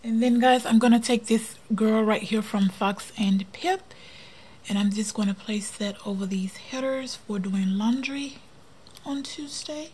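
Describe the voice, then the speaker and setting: A woman chatting casually while decorating her planner for a vlog, often dropping to a soft near-whisper. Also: fairly high pitch, a little slow, husky. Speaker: planner vlogger.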